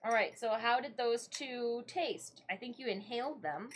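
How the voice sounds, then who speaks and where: A woman from Michigan chats casually on her live stream. Her voice sits a little high for a woman. She greets viewers, rambles and talks to her cats. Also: moderate pace, background noise.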